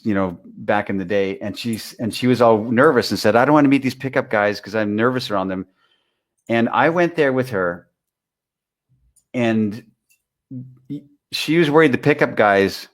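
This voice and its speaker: A man being interviewed about dating, talking casually, with many restarts and repeated words while he tells stories and gives advice. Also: fairly low pitch. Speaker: interview guest, dating author.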